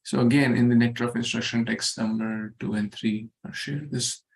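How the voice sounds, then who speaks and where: A man teaching a scripture verse to a study group, going slowly, repeating words and asking the group questions. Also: mid-range voice, fairly even intonation.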